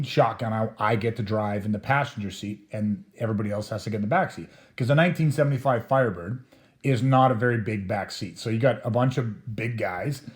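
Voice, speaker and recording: A man's voice: medium pitch, a little mellow. A middle-aged man casually telling a rambling, profane anecdote, often chuckling as he talks. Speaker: storyteller host.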